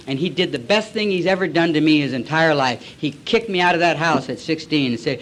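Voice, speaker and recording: A man in his forties tells his personal recovery story to a meeting in a blunt, colloquial way. His voice sits a little on the high side, and he acts out past conversations as he goes. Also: brisk, few pauses, a bit bright.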